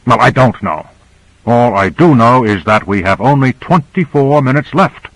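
A man plays a gruff, impatient man in charge, exasperated and quick to swear. The voice sits at an ordinary pitch and sounds dry and close in an audiobook. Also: expressive, fairly bright tone, dry recording, low-quality recording.

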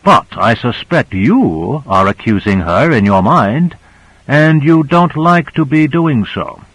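A man's voice: medium pitch, big pitch swings, takes it slowly, a bit bright, breathy edge, dry recording, pitched above the performer's own voice, heavily acted, poor audio. A male narrator voicing Michaels, a wry, melancholy man who probes with dry, knowing remarks. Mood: probing. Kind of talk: audiobook character reading.

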